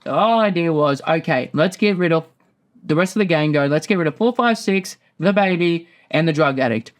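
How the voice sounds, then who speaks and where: A man's voice: fairly high pitch, expressive, brisk. A man hosting a casual show, rambling through a profane recap and acting out quotes in passing. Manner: rambling, swears often, acts out quotes. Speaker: podcast host.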